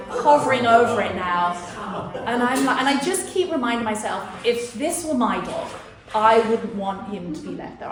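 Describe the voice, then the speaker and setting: Chatty middle-aged woman telling a story on stage. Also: medium pitch. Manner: chatty, laughing asides, acts out others' lines. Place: stage in a hall with an audience. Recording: echoey venue with loud audience.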